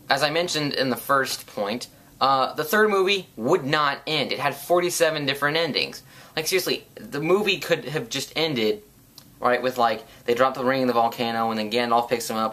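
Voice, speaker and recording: A man's voice: mid-range voice, pushed and bright. A man delivering a sarcastic, profane, rambling comedic rant as a vlogger.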